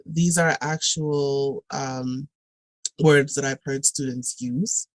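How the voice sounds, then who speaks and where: Slow low-voiced woman, thoughtful. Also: steady tone, no room sound, low-quality recording. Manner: thoughtful, reflective, frequent ums and restarts. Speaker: podcast guest, tutoring director. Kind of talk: casual podcast talk.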